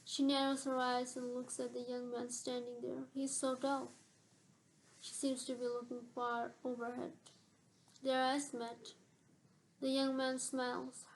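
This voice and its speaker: High, steady woman narrating a novel. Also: a little hiss or hum, rough recording. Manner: measured, steady reading. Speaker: audiobook narrator.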